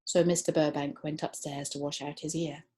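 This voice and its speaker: A woman narrating a children's book, expressive and stretching words for effect. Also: sits low, normal speed. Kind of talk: children's audiobook reading.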